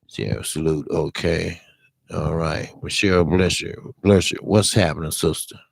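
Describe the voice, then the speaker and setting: A man hosting a live-streamed boxing talk show, hoarse from talking all day, giving blunt, emphatic and profane commentary while greeting viewers. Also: extremely low pitch, steady tone, a little slow, dry recording.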